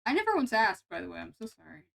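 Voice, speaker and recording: Bubbly young woman streamer, slightly high. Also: huge pitch swings, quick pace, gravelly, a bit bright, low-quality recording. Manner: playful, self-mocking, stumbles and restarts over words. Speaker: VTuber streamer. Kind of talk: casual live-stream chat with viewers.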